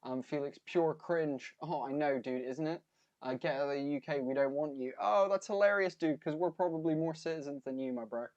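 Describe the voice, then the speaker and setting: A man's voice: on the high side, steady tone, a little fast, mellow, dry recording. Young male co-host, hybrid American-British accent, laid-back chat reader, slightly muffled, dry. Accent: mixed American and British. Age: young adult. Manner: laid-back, reads chat aloud, says mate and bro. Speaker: stream co-host. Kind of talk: live stream commentary and chat reading.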